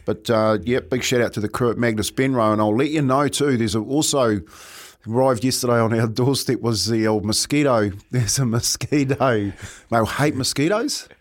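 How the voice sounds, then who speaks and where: A man co-hosting a radio show in relaxed, slangy banter, often chuckling. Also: medium pitch, normal speed. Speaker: radio co-host. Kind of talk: casual banter.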